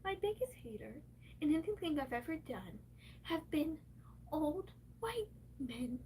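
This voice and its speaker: A woman's voice: high-pitched, big pitch swings, unhurried, mellow, distant mic, a little hiss or hum. A woman livestreaming, venting in an angry, profane rant.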